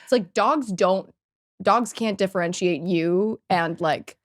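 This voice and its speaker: Brief: young adult woman, co-host, quick chatty reactions, mid pitch, dry close mic. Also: dry recording. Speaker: podcast co-host. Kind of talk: casual chat.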